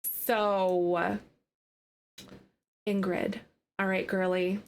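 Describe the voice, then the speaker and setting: Slow, chatty woman streamer. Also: mid-range voice, little pitch movement. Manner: chatty, filler-heavy, talks to viewers. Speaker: gaming streamer. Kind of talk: live-streamed gameplay commentary.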